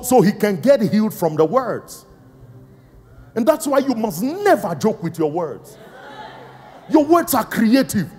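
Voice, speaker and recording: High, animated preaching man in a hall. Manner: emphatic preaching with call-and-response questions to the congregation; swings between shouting and hushed, slow emphasis. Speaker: apostle and senior pastor. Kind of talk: live Pentecostal sermon. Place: large church auditorium. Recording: live church hall reverb with faint music.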